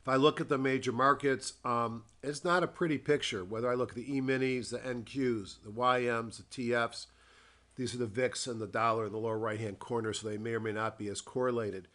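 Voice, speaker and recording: Man, mid-pitched, unhurried trader talking through charts, lots of ums and pauses. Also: steady tone, fairly bright tone. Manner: unhurried, thinking aloud with frequent ums and pauses; reads a formal disclaimer. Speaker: trader giving a weekly market review. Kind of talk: dictated screen-share market commentary.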